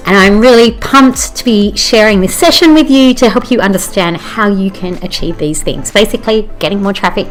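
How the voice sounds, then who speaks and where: An Australian woman giving an enthusiastic, conversational presentation, often checking in with "you know" and "okay?". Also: medium pitch. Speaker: presenter teaching bloggers. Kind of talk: presentation talk.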